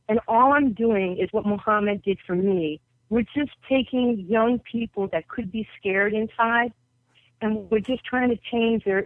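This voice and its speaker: A woman's voice: mid-range voice, dry recording. Woman, from New York, basketball coach, guest storyteller, acts out quotes, tinny phone line, dry. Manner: vivid storyteller who acts out quoted voices. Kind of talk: personal storytelling in an interview.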